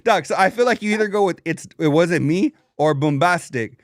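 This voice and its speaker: A laid-back man chatting casually on a podcast, full of slang and easy laughter. His voice sits a little high, and the sound is dry and close with no room around it. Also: animated, a little fast, no room sound. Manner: slangy, laid-back, says "dog" often, laughs a lot. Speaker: podcast co-host.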